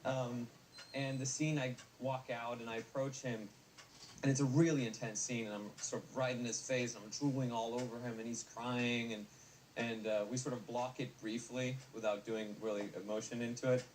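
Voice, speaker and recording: A man's voice: mid-range voice, flat delivery, moderate pace. A young adult man, an actor guest in a casual interview, rambling with many fillers and restarts. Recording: distant mic with faint noise.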